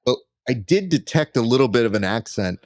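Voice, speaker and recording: A man hosting an interview podcast, asking questions in an animated, playful way. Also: medium pitch, fairly quick, no room sound, studio quality. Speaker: podcast host.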